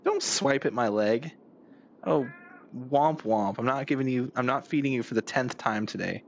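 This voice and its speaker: A man's voice: medium pitch, normal speed, gravelly, lo-fi sound, slight background noise. Playful, chatty young male streamer. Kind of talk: casual live-stream chat. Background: game music.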